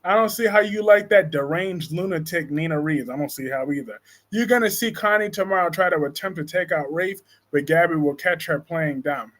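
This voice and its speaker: A man hosting a casual live-stream chat about soap operas, excitable and quick to fire up, reading viewer comments aloud. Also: fairly high pitch. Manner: excitable, swings from calm to loud anger. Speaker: soap opera talk show host.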